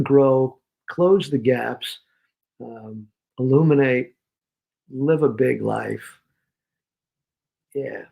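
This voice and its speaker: Gravelly-voiced man from New York, emphatic motivational guest, mid pitch. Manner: energetic, emphatic, punchy repetitions. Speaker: guest speaker. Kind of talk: motivational interview talk.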